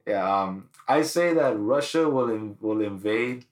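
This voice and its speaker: A man's voice: medium pitch, lively intonation, unhurried, echoey room. A man co-hosting a podcast, telling stories in loose, profane, slangy casual banter. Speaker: podcast co-host.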